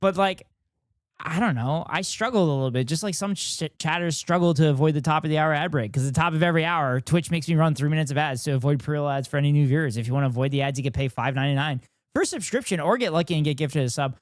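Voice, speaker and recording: A man's voice: a little high, fast, dry recording, studio quality. A man live-streaming and chatting with viewers in a rambling, self-deprecating way. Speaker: streamer reacting with chat. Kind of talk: casual live-stream chat.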